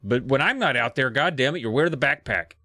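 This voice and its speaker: A man's voice: medium pitch, expressive, quick pace, sharp tone, dry recording, studio quality. A man putting on a bossy, reckless middle-aged father who barks orders and exclaims. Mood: lecturing.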